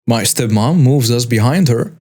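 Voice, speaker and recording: A man's voice: medium pitch, animated, moderate pace, a little mellow. A man reading out a first-person story as the narrator of a storytelling channel.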